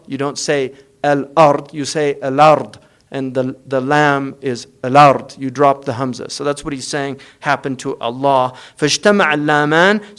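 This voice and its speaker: A man giving an informal lecture on Arabic grammar and religious scholarship, explaining a classical text in a conversational way. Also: on the high side. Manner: conversational, switches between rapid Arabic recitation and English explanation. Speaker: Islamic studies teacher.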